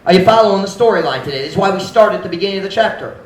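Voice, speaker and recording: A man's voice: high voice, lively intonation, very fast. A male pastor preaching a sermon, emphatic and often asking the congregation questions, switching between English and Cebuano. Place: church. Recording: echoey church with faint noise.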